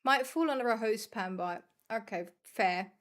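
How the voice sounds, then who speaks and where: This streamer, a young woman from the Netherlands, talks at a moderate pace in a slightly high voice. While commentating her game, she chats with viewers, curses freely, makes self-deprecating jokes, and rambles.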